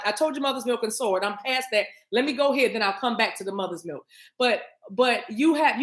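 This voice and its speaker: Animated, high-voiced woman preaching to her chat. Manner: animated, emphatic, repeats phrases, talks to chat. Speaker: spiritual reader and livestream host. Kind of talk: casual livestream preaching. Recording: roomy echo.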